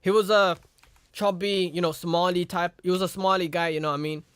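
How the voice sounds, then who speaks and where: A man's voice: high voice, steady tone, quick pace, a bit bright, clean tone, no room sound. A young man casually telling a rambling story, repeating "you know what I mean" and acting out the people in it. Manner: acts out the other people in his story. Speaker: streamer.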